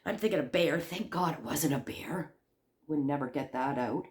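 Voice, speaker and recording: A woman hosting a crochet channel, telling a story in a rambling, animated way with lots of fillers and restarts. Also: sits low, moderate pace. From Canada. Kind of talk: casual storytelling vlog. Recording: echoey room.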